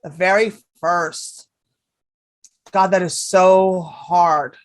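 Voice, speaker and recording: Animated, foul-mouthed woman comedian. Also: lowish voice, drawn-out words, dry recording. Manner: animated storyteller, swears freely. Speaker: comedian guest. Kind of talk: casual podcast chat.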